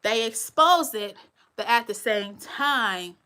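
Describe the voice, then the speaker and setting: A woman's voice: on the high side, expressive, slow, bright, forceful tone, clean tone. A woman in her forties hosting a live stream, talking bluntly and straight to her viewers. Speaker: channel host.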